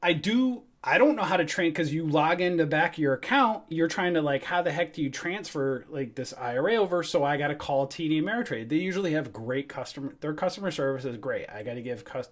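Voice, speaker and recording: A middle-aged man with a slightly higher voice hosts a casual trading livestream. He rants with heat and swears freely, jumping into voiced quotes of his phone calls. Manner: animated, profane, ranting with voiced quotes. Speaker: trading show host.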